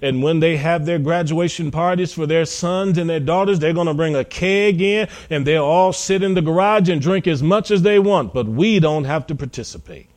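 A man's voice: a little high, moderate pace, hardly any pauses, darkish tone. A middle-aged American man, a pastor, preaching a sermon in a folksy storytelling way, acting out quoted conversations. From United States.

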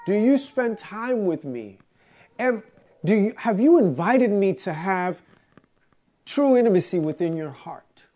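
Brief: the Lord, calm and direct, probing questions, played by a male preacher. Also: sits high, a little slow, voice pushed up. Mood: searching. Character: the Lord, calmly questioning believers.

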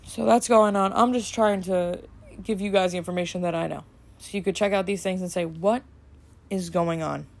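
A woman hosting a casual solo podcast, rambling and chatty with lots of fillers, a little snarky and brisk. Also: medium pitch, steady tone. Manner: rambling and chatty, full of "like" and "you know"; brisk, slightly snarky delivery. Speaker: podcast host.

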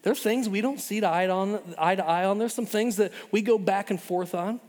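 A middle-aged man preaching a sermon in an animated way, often repeating words and restarting. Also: sits high, normal speed. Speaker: pastor. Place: church hall. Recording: long hall reverb.

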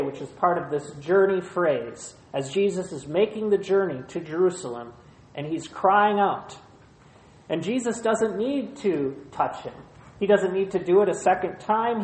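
A pastor preaching a sermon in short, measured phrases, retelling a scripture passage. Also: mid-range voice, darkish tone. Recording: roomy echo.

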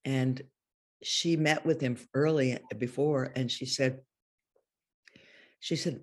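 A woman's voice: a bass voice, fairly even intonation, slow pace, long pauses. An older woman, a guest in an interview, telling chatty anecdotes and laughing often as she goes. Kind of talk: casual anecdotal storytelling.

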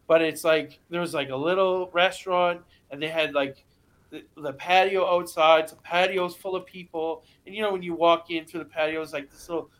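A man talking as a podcast guest, telling a story in a casual, animated way, acting out the voices of the people in it and swearing freely. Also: a little high, normal speed.

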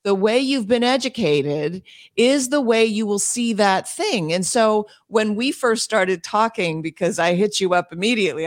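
A woman speaking as an interview guest and homeschool advocate, emphatic and quick, with frequent laughs and restarts. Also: medium pitch. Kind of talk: passionate interview talk.

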